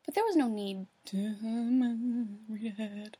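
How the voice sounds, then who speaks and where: A woman's voice: fairly high pitch, a little slow, hardly any pauses, mellow, slight background noise. A woman at home reading a fan story aloud into her computer, stumbling over words, swearing and laughing at herself. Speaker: reader. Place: at home alone. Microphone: computer microphone.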